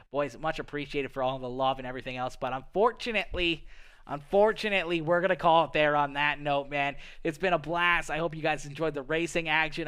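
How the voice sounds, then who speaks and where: Canadian guy chatting on his stream at home, playful, laughs a lot, super bright crisp voice. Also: fairly high pitch. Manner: playful, says "okay" a lot, laughs often. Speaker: livestream host. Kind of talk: casual livestream chat.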